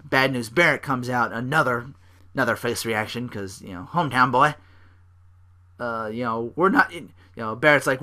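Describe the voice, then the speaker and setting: A young man hosting a podcast, recapping wrestling in a rambling, casual way, swearing freely and acting out wrestlers' lines in loud bursts. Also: mid-range voice, moderate pace. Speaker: podcast host.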